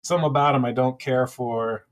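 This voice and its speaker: A man's voice: mid-range voice, steady tone, brisk. Opinionated man in casual podcast chat. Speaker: podcast co-host.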